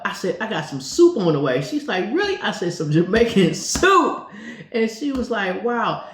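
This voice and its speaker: Man, co-host, casual faith testimony, animated storyteller, echoey room. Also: sits high. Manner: storytelling, acting out dialogue with laughs. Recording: roomy echo.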